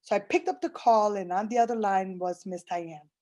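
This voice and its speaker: A woman's voice: mid-range voice, normal speed, a little mellow. A middle-aged woman giving an earnest personal testimonial, retelling conversations with fillers and restarts. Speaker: program client giving a testimonial.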